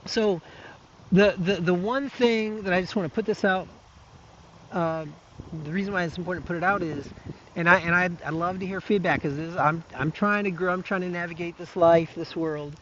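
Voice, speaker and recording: A video blogger talks earnestly and reflectively to the camera, his voice sitting high as he stumbles through restarts and fillers, now and then letting out a soft laugh. The sound is lo-fi, with a bit of background noise.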